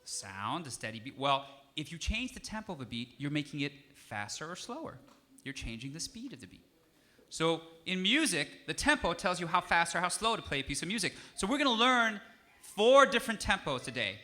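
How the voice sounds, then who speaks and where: A man who is a musician teaching a young audience, lively and encouraging as he coaxes them to answer. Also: a little high, brisk. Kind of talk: interactive music lesson for kids.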